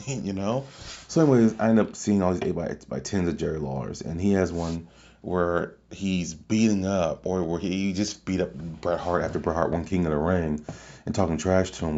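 Low, mellow-voiced man rambling casually. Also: highs cut off. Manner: rambling, excitable, full of fillers and restarts. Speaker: podcast host. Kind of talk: casual storytelling monologue.

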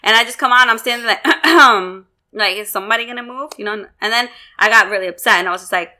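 A young woman telling a story in casual chat, animated and swearing freely. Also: medium pitch, rapid-fire. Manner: swearing, animated retelling with acted quotes.

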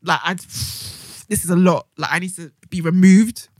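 A young woman, co-hosting a podcast and telling stories with animated acted-out quotes. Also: fairly low pitch, unhurried, dry recording, clean studio sound. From England. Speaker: podcast co-host. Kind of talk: casual chat.

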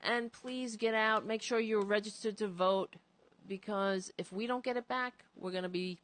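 A woman hosting a casual political talk show, rambling, cursing and animated as she talks. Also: mid-range voice, moderate pace.

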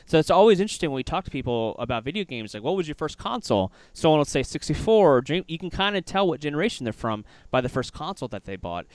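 A man's voice: on the high side, big pitch swings, fast, hardly any pauses, darkish tone, clear, resonant tone, dry recording. A man hosting a podcast, an enthusiastic fan chatting casually and rambling with many fillers. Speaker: podcast host. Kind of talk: casual interview chat.

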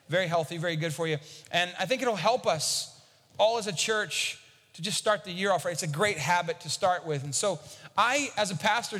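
A man's voice: fairly high pitch, a bit bright, in a large hall. A man preaching a sermon as a pastor, talking conversationally and often repeating a word as he starts a thought.

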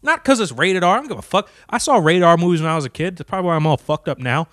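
A man ranting to camera, cursing constantly and swinging from low muttering to loud, heated outbursts. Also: animated, rapid-fire, no echo, studio quality. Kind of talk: profane rant to camera.

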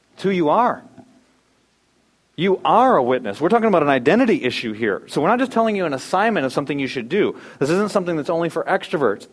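A man delivering a sermon with a fairly high-pitched voice. He preaches emphatically, stressing key words and then dropping suddenly to a soft, low tone. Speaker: pastor.

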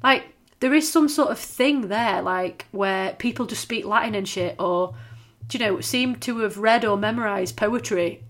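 A woman's voice: mid-range voice, a little slow, a bit bright. A woman, chatting casually and swearing freely as a podcast co-host. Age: 30s. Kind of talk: casual chat.

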